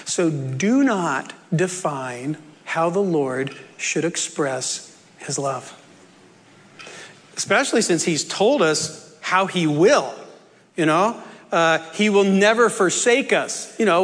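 High-voiced preacher in a reverberant hall. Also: male voice, lively intonation, takes it slowly, fairly bright tone. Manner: earnest, conversational, with asides and jokes. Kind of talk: sermon.

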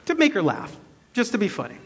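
A man's voice: high-pitched, fast talker, background noise. A man in his fifties, a pastor preaching a sermon and telling a personal story in a jokey, self-deprecating way. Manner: animated, shifts between loud and soft.

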